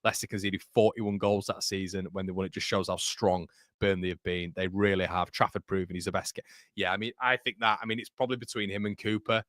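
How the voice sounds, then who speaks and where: A young man hosts a live football watchalong and talks casually while reading out viewers' comments, often repeating himself. His voice is bright and forward, and the sound is dry and close. He sounds tired after hours of streaming. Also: deep voice, steady tone, quick pace, no echo. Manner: chatty, reads out viewer comments; repeats words and restarts. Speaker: football channel host. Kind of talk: live match watchalong chat.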